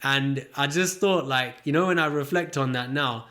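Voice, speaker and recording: A man as an interview guest, speaking earnestly and haltingly in a candid personal conversation, often restarting his sentences. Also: mid-range voice, pushed and bright.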